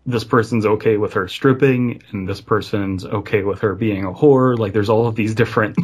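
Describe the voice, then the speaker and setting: A man's voice: lowish voice, normal speed, a crowd in the background. A man co-hosting a podcast, chatting casually with dry, laid-back comments. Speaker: podcast co-host. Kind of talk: casual chat.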